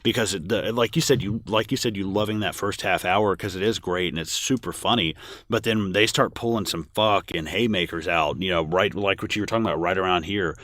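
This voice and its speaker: A man with a very low voice co-hosts a casual film podcast. He rambles, restarts his sentences and fills gaps with ums as he talks through scenes. The recording is dry and close. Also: fairly quick, a bit bright, dry recording. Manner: rambling with many restarts and fillers. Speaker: podcast co-host. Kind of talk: casual film commentary chat.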